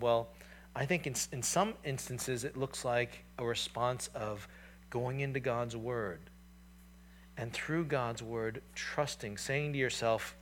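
A man preaching a sermon in a conversational way, with many fillers, building to louder passages and dropping to quiet reflective ones. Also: medium pitch. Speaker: pastor.

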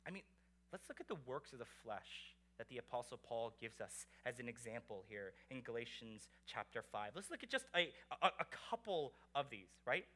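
A man preaching a sermon as pastor, animated and conversational, asking the congregation rhetorical questions. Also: medium pitch.

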